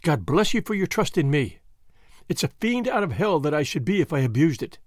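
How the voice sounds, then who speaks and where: Spoken by a male audiobook reader, an earnest young man of a secret society pleads and commands with lively swings in his voice. He is close and dry on the recording, slightly higher-pitched than most men. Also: fairly quick, dry recording. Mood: earnest, tender. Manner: earnest, forceful pleading and solemn speechmaking.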